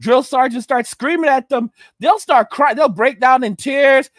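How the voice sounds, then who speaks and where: A man with a strikingly high voice rants through a commentary livestream and reads out viewer chat. He talks emphatically, hammering the same phrases again and again, and the recording sounds close and dry with no room sound. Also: measured pace, a bit bright, no room sound. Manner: emphatic, repeats phrases, keeps asking "all right?"; slips into mocking put-on voices.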